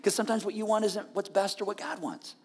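A woman's voice: medium pitch, fast, a little mellow, breathy edge, in a large hall. A woman pastor preaching a sermon on a church stage, talking in a conversational way with frequent check-ins to the listeners.

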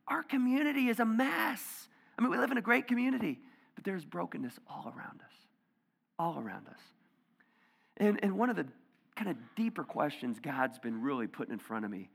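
A male pastor giving a conversational sermon, dropping to hushed near-whispers and rising to loud emphatic bursts. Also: a little high, gravelly, big-room sound. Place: church auditorium.

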